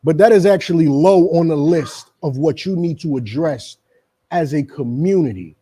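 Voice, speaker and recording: Man, middle-aged, preaching-style commentary, emphatic, lecturing, repetitive, high voice. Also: lively intonation, moderate pace, dark tone, husky. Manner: emphatic, repetitive, lecturing, addresses others by name. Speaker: religious group speaker on a radio show.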